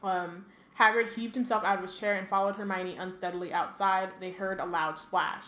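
A woman's voice: fairly low pitch, steady tone, a bit bright. A woman podcast co-host who reads a novel aloud and chats casually, correcting herself often and filling gaps with 'like' and 'um'. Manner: quick reading with frequent self-corrections and fillers. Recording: echoey room with faint ambient noise.

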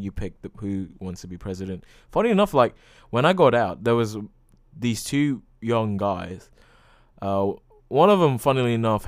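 A man's voice: on the low side, clear, resonant tone, dry recording, studio quality. A young man hosting a casual solo podcast, rambling loosely with lots of fillers and frequent swearing. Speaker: podcast host.

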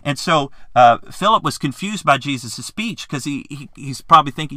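Earnest, bright-voiced man teaching a Bible lesson. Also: a little high, moderate pace, hardly any pauses, no echo, studio quality. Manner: earnest, fervent, with stammered restarts.

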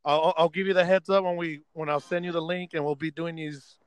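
Young man, podcast host, casual chat, swears a lot, slightly high voice, dry close sound. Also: fairly even intonation, fast, clear, resonant tone, dry recording. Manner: laid-back, swears a lot, calls his friend bro.

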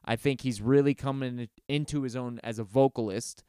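A man talking loosely and profanely in casual chat, his voice smooth and resonant. The sound is close and dry, with no room around it. He stumbles over restarts and slips into mocking impressions. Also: fairly even intonation, a little fast, warm tone, no room sound. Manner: profane, rambling, mimics singers in high mocking voices.

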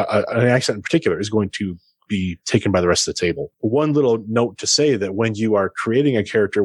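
A man guesting on a podcast, speaking in a measured, thoughtful way with frequent "uh"s. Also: lowish voice, breathy edge. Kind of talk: casual chat.

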